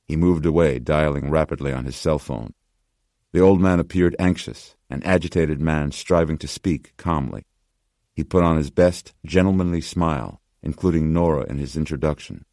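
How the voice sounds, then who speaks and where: Male audiobook narrator, extremely low, steady, dry booth sound. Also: no echo. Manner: measured, steady storytelling. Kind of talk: scripted narration.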